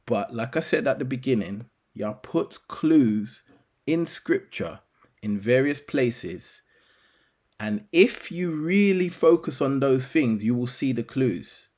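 A man teaching scripture in a slow, deliberate way, putting rhetorical questions to the listener. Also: medium pitch, darkish tone. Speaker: bible teacher.

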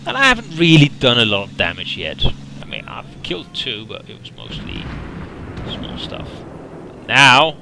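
A man's voice: medium pitch, huge pitch swings, normal speed, creaky. A man giving casual, wry commentary over his own tank gameplay. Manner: wry, dry humor, self-deprecating. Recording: noisy game audio underneath.

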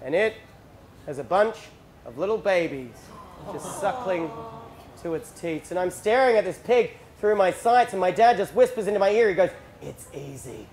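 A man's voice: sits high, normal speed, a little mellow. A man telling a comic story on stage, stammering and self-mocking. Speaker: stand-up comedian. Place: theatre stage with audience.

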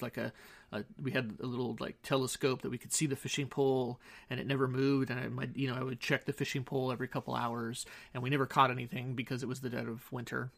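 A middle-aged man with a gravelly, creaky edge to his voice, talking at a middle pitch. He tells long childhood stories in a loose, rambling podcast monologue, doubling back and dropping wry asides. He speaks into a studio microphone. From Southern California. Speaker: podcast host. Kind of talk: casual storytelling monologue. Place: home studio.

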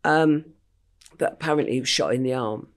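An older woman from England, a podcast guest recounting her life story in a plain, unhurried way with frequent ums. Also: very deep voice.

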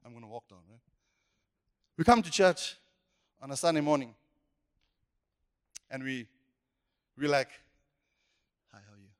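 A man's voice: on the high side, animated, measured pace, pauses often, clean tone. A man preaching a sermon as pastor, emphatic and repetitive. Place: church hall. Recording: echoey church hall.

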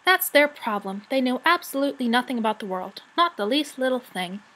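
A woman's voice: high-pitched, animated, normal speed, a bit bright, husky, voice pushed up, heavily acted, low-quality recording. A woman voicing a fussy, peevish little female rat who grumbles and hisses crossly.

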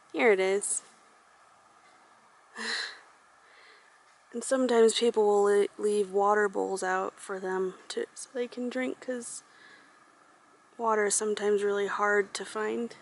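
Slow, gravelly-voiced young woman vlogging. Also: medium pitch, steady tone, poor audio. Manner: laid-back, chatty, laughs often. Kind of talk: casual vlog chat. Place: house during a holiday visit. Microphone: handheld phone or camera.

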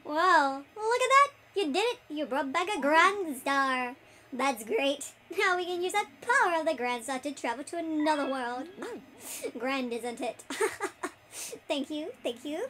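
A woman's voice: sits high, pushed and bright, a little hiss or hum, exaggerated voice. A woman voicing a cheerful male space-traveling game sidekick, reading his dialogue aloud with giggles.

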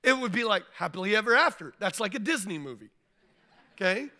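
Bright high-voiced preacher telling a story. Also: male voice, big pitch swings, fairly quick. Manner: storytelling, acts out the figures' lines in a casual modern voice. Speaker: pastor. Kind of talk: sermon. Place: church.

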